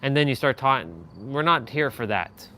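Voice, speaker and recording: A man's voice: medium pitch, lively intonation, moderate pace, bright, forceful tone, a little hiss or hum. A man hosting a live stream and giving casual feedback on speaking. He talks loosely with many fillers and restarts, and pushes his voice up and down to demonstrate. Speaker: live stream host coaching a viewer on speaking.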